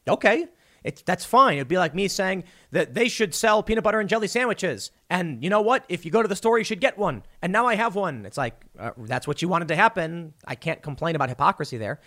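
A man's voice: sits high, expressive, a little fast, a bit bright. A man delivering solo political commentary, arguing emphatically and reading out news quotes.

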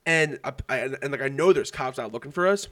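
Animated young man telling a wild story. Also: medium pitch, fast. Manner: animated, swearing storytelling with lots of fillers. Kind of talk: casual chat.

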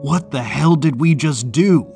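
A man's voice: mid-range voice, expressive, measured pace, lightly acted. A rattled young man talks in a rush of stammers and insistence, as a man voices him in a storybook reading. The voice sits near a plain mid range. Music runs underneath. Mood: agitated. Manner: agitated, stammering. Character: young man, rattled and hot-tempered brother. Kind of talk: audiobook character voice.

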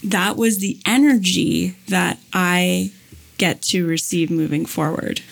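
A woman's voice: lowish voice, slow pace, creaky. A woman chatting casually as a podcast guest, telling a long story with lots of "like" and "um". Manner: animated storytelling with many fillers. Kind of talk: casual chat.

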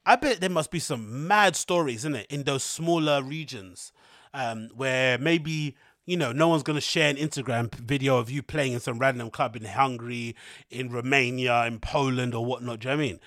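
A man's voice: mid-range voice, moderate pace, fairly bright tone, no echo, studio quality. Slangy man chatting. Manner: slangy, chatty, laughs often. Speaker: podcast host. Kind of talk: casual rambling chat.

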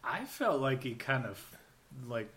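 A man's voice: medium pitch, sing-song, unhurried, a bit bright. A man on a podcast panel in casual chat, chiming in with dry, teasing remarks.

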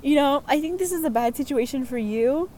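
A young woman with a slightly high voice chats her way through listener submissions. She giggles often and leans on fillers. Faint noise sits behind her. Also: lively intonation, brisk, a little mellow. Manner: giggly, chatty, lots of fillers. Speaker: host reading listener submissions. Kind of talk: casual chat.

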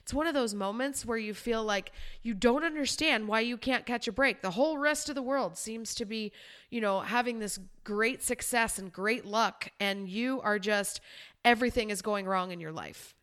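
A woman's voice: a little high, moderate pace, a bit bright, clear, resonant tone. A woman podcast host and life coach telling a personal story in a candid, emotional, conversational way.

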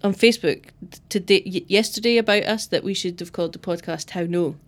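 A woman's voice: mid-range voice, a little fast. A woman with a mild Fife Scottish accent, co-hosting a casual podcast and explaining her thoughts at length. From Scotland, Fife. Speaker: podcast co-host. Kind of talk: casual chat.

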